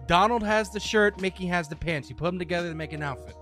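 A man's voice: high-pitched, fast talker, fairly bright tone, soft background music. A man hosting a casual podcast, joking, swearing and reading sponsor plugs. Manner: loose, swearing, reads ad plugs. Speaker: podcast host.

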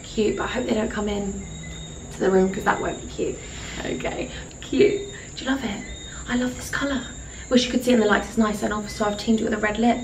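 A young British woman chatting brightly through a fashion vlog, showing off outfits in a holiday room. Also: mid-range voice, steady tone, brisk, distant mic, slight background noise. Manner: bubbly, chatty, keeps saying cute. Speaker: fashion vlogger. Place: holiday room with insects outside. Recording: echoey room, slightly off-mic. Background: faint crickets.

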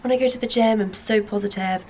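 A young woman chatting to camera in a casual vlog, croaky with morning voice and rambling with ums and likes. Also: medium pitch, steady tone, quick pace, darkish tone, a little hiss or hum, poor audio. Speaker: vlogger.

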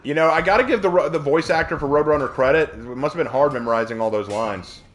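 Brief: animated Southern male streamer, fairly high voice, casual and chatty. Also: fast talker, a little hiss or hum. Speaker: game streamer. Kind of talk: casual stream chat and storytelling.

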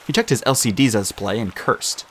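A man narrating an audiobook in an expressive, lively way. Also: mid-range voice, moderate pace, slight background noise.

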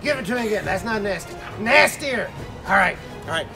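A jolly pirate captain leads his crew through the rules with a hearty, growling bark, as a man plays him. The voice sits fairly high and carries a gravelly edge, with music playing behind. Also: expressive, brisk. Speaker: pirate character in an art lesson.

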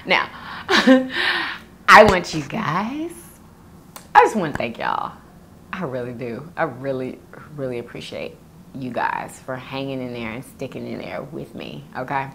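A woman's voice: rumbling low, very animated, a little slow, gravelly, long pauses, bright, forceful tone, slight background noise. A woman, chatting casually as a vlogger, reading viewer comments aloud and laughing often.

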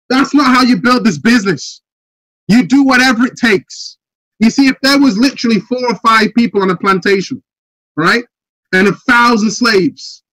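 A man with a very high, bright voice delivers a preachy motivational speech over a video call. He fires question after question and pushes up toward shouting. The sound is dry and close, with no room around it. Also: no echo, rough recording. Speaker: motivational speaker.

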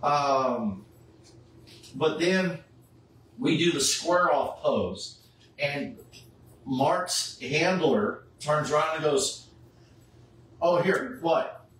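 A middle-aged man tells an animated story in a casual chat and puts on the voices of the people he quotes. He sits well back from the mic in a very echoey room, with a faint hiss of noise behind him. His voice sits at an ordinary pitch for a man. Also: very slow, long pauses, far from the mic. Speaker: charity Superman cosplayer.

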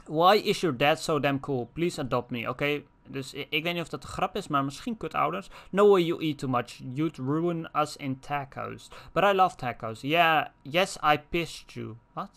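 Young male gamer, reads chat messages aloud with profane asides; voice a touch high. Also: moderate pace, vocal fry, few pauses, fairly bright tone. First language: Dutch. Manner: reads in-game text messages aloud, cursing, switching to Dutch asides. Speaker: let's player. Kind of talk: casual gameplay commentary.

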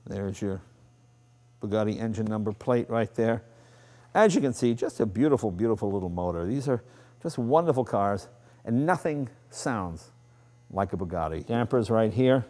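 A Boston-accented car show host talks through a classic car in a garage before heading outdoors, chatty, enthusiastic and self-deprecating. His fairly low, slightly mellow voice has lively intonation and a normal speed.

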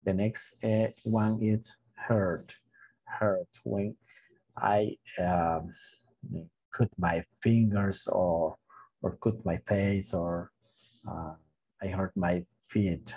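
A man teaching an online class for beginners, speaking slowly and repeating each word with hesitant fillers. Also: low-pitched, steady tone, warm tone, husky, lo-fi sound. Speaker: English teacher. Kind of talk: slow online language lesson with gestures.

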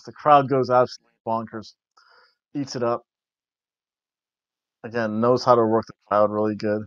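A man chatting loosely as a show host, jokey and rambling, stumbling over his words and restarting often. His voice sits at a mid pitch. The sound is dull and lo-fi, with a dry, close feel. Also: fairly even intonation, moderate pace, long pauses, clear, resonant tone, no echo. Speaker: wrestling review podcast host. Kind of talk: casual review chat.

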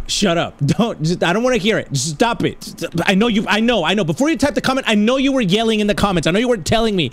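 Man, let's play host, high voice, very animated, excitable, swears a lot, mixes in Spanish slang. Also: fast, hardly any pauses. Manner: excitable and profane, talks straight to viewers; drops Spanish slang exclamations. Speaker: gaming channel host.

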